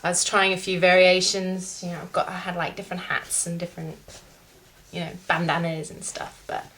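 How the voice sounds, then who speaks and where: A woman's voice: lowish voice, level tone, fairly quick, a bit bright. A young woman, chatting casually to camera, rambling with fillers as she tells a story. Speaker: vlogger.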